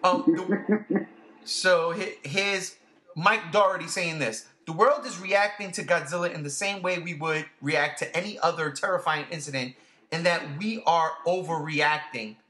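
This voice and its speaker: A man hosting a casual podcast, gushing with excitement, swearing freely and repeating himself. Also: a little high, unhurried. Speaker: podcast host.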